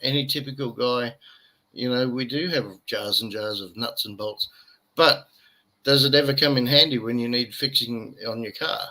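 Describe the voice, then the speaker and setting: Man, Australian accent, very bright tone, rambling casual livestream chat, tired. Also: medium pitch, normal speed, low-quality recording. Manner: rambling, jokey, chatty. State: tired from little sleep. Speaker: livestream co-host. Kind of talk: casual live-stream chat. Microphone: webcam.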